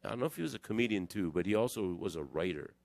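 A man preaching a conversational sermon in church, telling stories in an animated, digressive way. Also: low voice, racing, creaky. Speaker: pastor.

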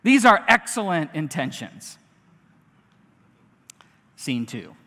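A man preaches a casual, conversational sermon, slipping into quick acted-out lines. His fairly high, bright voice swings widely in pitch. It rings with the long reverb of a church hall. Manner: conversational, animated, acts out quotes. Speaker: pastor.

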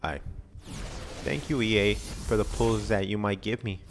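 A man casually commenting on a video game pack opening, excitable and begging the game for good pulls. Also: on the low side, moderate pace, faint music behind. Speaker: gaming channel host.

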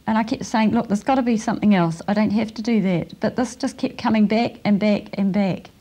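A woman giving a testimony as a mother, earnest and halting, with emotion. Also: mid-range voice, mellow.

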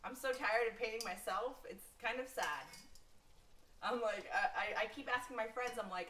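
A woman's voice: a little high, normal speed, bright, forceful tone. Chatty woman cooking live. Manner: chatty and slangy, laughs often. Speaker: live-stream host. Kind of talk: casual live-stream cooking chat. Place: home kitchen. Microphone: camera held by someone else. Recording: echoey kitchen from far off. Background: frying and sizzling.

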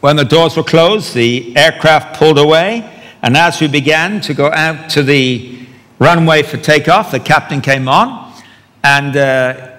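A man's voice: fairly high pitch, unhurried, fairly bright tone. A man preaching a sermon, telling a story with wry humor as he teaches. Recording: long hall reverb.

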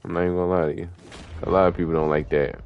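A man with a low, deep voice talks through an online gunfight as he plays. His speech is loose, slangy trash talk that breaks into excited yelps. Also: very fast, muffled recording, a little hiss or hum. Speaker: gaming streamer. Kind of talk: live gameplay commentary.

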